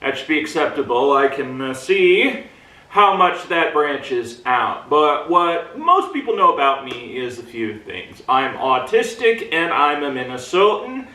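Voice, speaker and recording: A man giving a casual movie review to a camera, talking in halting bursts with many fillers and pauses, and swinging his pitch between low and high in play. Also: big pitch swings, pushed and bright, distant mic. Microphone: camera mic at a distance. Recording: roomy echo, mic set back.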